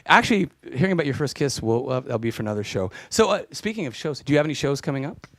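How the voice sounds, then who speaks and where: A man hosting a live show, chatting in a halting way with many fillers. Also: medium pitch, very animated, slight background noise. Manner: eager, halting, lots of filler words. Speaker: show host. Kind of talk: casual interview chat.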